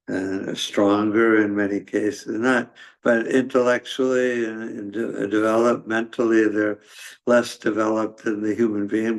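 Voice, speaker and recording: A man giving a scripture class in a halting, conversational way, with many fillers and restarts. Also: lowish voice, gravelly. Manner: conversational storytelling. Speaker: class speaker.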